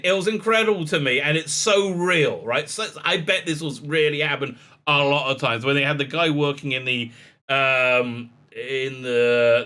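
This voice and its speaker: A man's voice: on the high side, pushed and bright. A middle-aged man hosting a casual commentary, reading an article aloud and rambling with many fillers, restarts and laughs. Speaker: commentary host.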